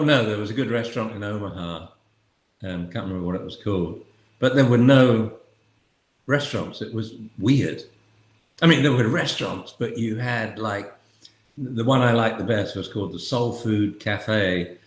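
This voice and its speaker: A man's voice: fairly low pitch, a little slow, roomy sound. An older man chatting wryly on a casual live video call, telling stories with a dry sense of humor. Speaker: dog trainer and show regular.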